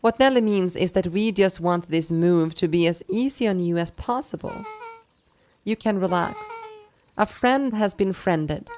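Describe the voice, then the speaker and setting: A woman's voice: fairly low pitch, unhurried, a little mellow, slight background noise. A woman streaming a story game, reading every character's lines aloud in playful voices and laughing between them.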